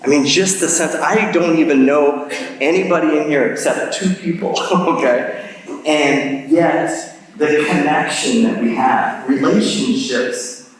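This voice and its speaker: A man's voice: fairly high pitch, unhurried, far from the mic. A man giving a guest lecture in a church, talking in a friendly, self-deprecating, chatty way. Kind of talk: conversational lecture. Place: large church sanctuary. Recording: echoey hall, mic heard from afar.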